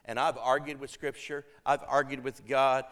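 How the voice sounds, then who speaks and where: A man's voice: medium pitch, level tone, normal speed, a bit bright. A man preaching a sermon to a church congregation, earnest and emphatic, building to fervent appeals.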